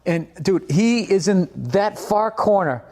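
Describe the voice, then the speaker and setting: A man's voice: high voice, animated, takes it slowly, mellow. A man co-hosting a podcast, telling rambling stories full of swearing and laughter. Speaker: podcast co-host. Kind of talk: casual storytelling.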